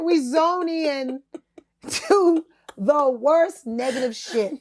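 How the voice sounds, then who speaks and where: A woman's voice: high-pitched, extremely slow. A woman, a singer and talk show host, telling candid stories as a podcast guest in a casual, slangy way, calling the listener honey and baby, often laughing and acting out what other people said. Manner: animated, laughing, acts out other people's words. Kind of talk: candid storytelling interview chat.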